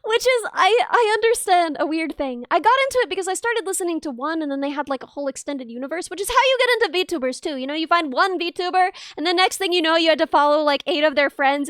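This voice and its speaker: A woman's voice: high voice, quick pace, few pauses, dry recording, clean studio sound. A young adult woman streaming casually, chatting with her viewers, gasping and squealing at messages and rambling through asides. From not Australian. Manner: excitable, gasps and squeals at chat, rambling asides. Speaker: VTuber streamer. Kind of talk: casual stream chat reading chat.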